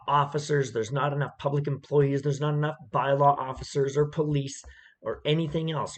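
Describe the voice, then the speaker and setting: A man giving opinionated commentary on a video clip, emphatic and repetitive, often checking in with "okay?". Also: fairly high pitch.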